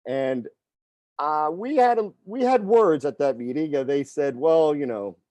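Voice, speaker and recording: In a lo-fi recording without echo, a middle-aged fitness coach speaks a little slowly in a fairly high, expressive, mellow voice. He relates a personal story conversationally and keeps tagging his sentences with "right?" and "okay?".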